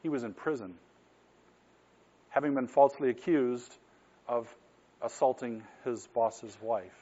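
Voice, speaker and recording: Middle-aged male pastor, earnest conversational sermon, mid pitch, muffled lo-fi recording. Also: measured pace, dark tone. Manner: earnest, conversational preaching with rhetorical questions.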